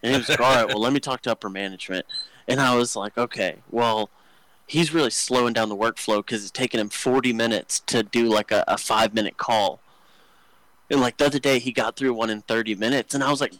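A man's voice: medium pitch, fairly quick, a bit bright, no room sound, rough recording. A young man telling rambling, crude work stories on a podcast, joking and full of fillers. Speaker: podcast co-host. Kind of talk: casual storytelling chat.

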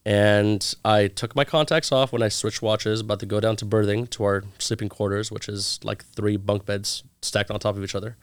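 Animated man telling stories in an interview. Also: fairly low pitch, moderate pace, few pauses, smooth, no room sound. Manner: animated storyteller acting out quoted dialogue. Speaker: guest. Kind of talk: casual storytelling interview.

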